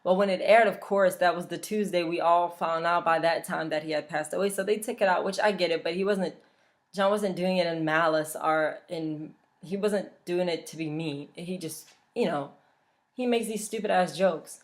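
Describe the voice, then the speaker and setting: A young woman from Louisiana, a vlogger, chats casually in a lowish voice at normal speed. She's blunt and swears freely.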